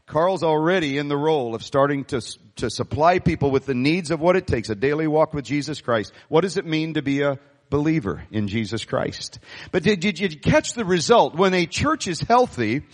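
A man preaching a sermon as pastor, animated and calling on the congregation to respond. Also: a little high, moderate pace, in a large hall. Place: church sanctuary.

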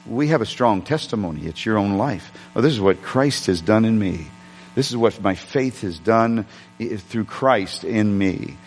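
A man's voice: on the low side, animated, unhurried, in a large hall, a little hiss or hum. A man preaching a sermon, telling a personal story conversationally with frequent restarts. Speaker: pastor.

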